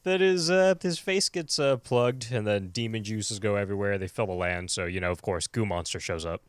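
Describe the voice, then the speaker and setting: A man hosting a casual horror podcast, recapping an episode with laughter and quick character voices. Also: on the low side, clean tone, no room sound. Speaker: podcast host.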